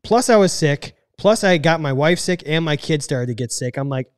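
A man's voice: fairly high pitch, expressive, normal speed, clean tone. A man in his thirties co-hosting a show, chatting casually and oversharing with a self-deprecating manner. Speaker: podcast co-host. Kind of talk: casual chat.

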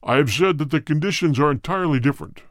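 A man doing a cold, deep spirit voice. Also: lively intonation, quick pace, dry recording, clean studio sound. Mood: cold, solemn. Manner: solemn, terse, aloof. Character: cold deep-voiced male spirit speaking through a medium. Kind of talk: audiobook reading.

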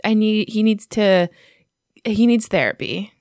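A woman's voice: medium pitch, unhurried, darkish tone, dry recording. Giggly young woman, dry close sound. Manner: giggly, teasing, trails into laughs. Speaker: podcast co-host. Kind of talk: casual chat.

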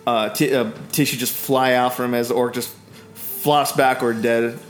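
A man's voice: medium pitch, fairly even intonation, normal speed, soft background music. A man running a tabletop game as dungeon master, narrating combat loosely with fillers and laughs.

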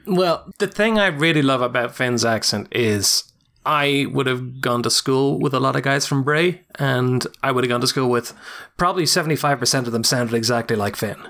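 A man's voice: medium pitch, moderate pace, a bit bright. Irish man explaining in casual chat. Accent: Irish, Dublin. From Ireland. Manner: thoughtful, explanatory, occasional chuckles. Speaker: guest.

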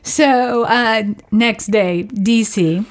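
A woman's voice: on the high side, extremely slow. A woman co-hosting a podcast, chatting casually and rambling through a family travel story. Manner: chatty, rambling, laughs while telling stories. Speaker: podcast co-host and parent.

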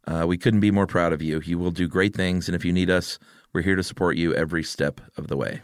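A man's voice: sits low, fairly even intonation, quick pace, clear, resonant tone, no echo, clean studio sound. A man co-hosting a podcast, reading listener messages in a laid-back, amused casual chat. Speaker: podcast co-host.

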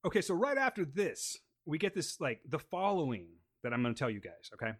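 A man's voice: a little high, sing-song, brisk. A man hosting a casual podcast who jokes and rambles as he breaks down scenes from a show. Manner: laid-back, joking, rambling. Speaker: podcast host. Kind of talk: casual chat and episode breakdown.

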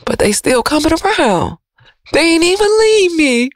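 A woman radio host, giving an emotional, preachy motivational monologue that swings from loud to soft. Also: sits high, huge pitch swings, normal speed, no room sound, studio quality.

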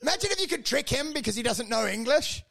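A man's voice: very high voice, fairly quick, vocal fry, sharp tone. A young Australian man co-hosting a comedy podcast, rambling and swearing through jokes with frequent laughter. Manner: rambling, laughing, profane riffing. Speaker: podcast co-host. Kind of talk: casual comedic chat.

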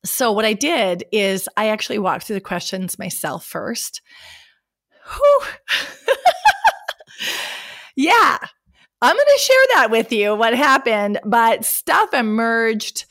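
A middle-aged woman hosting a solo podcast, her voice scratchy from a cold, talking animatedly, laughing and clearing her throat. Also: mid-range voice. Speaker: podcast host. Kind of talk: casual solo podcast talk.

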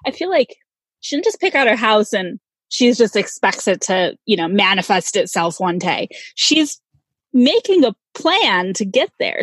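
A woman's voice: fairly high pitch, a bit bright, no room sound. A woman hosting a casual interview, upbeat and encouraging as she asks questions. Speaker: host.

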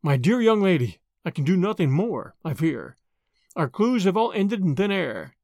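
A man reading the part of a grave, kindly older lawyer who speaks in a measured way. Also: high-pitched, sing-song, darkish tone, dry recording, studio quality. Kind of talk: audiobook character reading.

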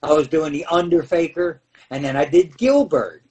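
Give me a lively ex-wrestler with a high voice telling stories. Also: male voice, normal speed, distant mic, slight background noise, low-quality recording. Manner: animated, acts out voices and shouts. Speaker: former pro wrestler. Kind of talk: storytelling in a podcast interview.

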